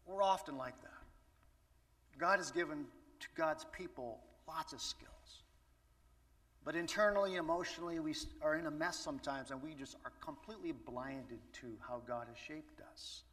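A man's voice: a little high, normal speed, fairly bright tone. A man preaching a sermon in a conversational way, putting rhetorical questions to the audience. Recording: echoey hall from far off.

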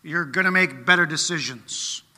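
A man's voice: on the high side, normal speed, pushed and bright, big-room sound. A man preaching a sermon in a conversational way, often checking in with rhetorical questions.

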